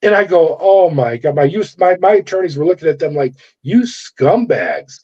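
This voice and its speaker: Animated, profane man telling his story. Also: on the high side, a little fast. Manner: animated, profane, acts out quoted dialogue. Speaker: guest, former corrections officer. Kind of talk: interview storytelling. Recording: dull lo-fi audio.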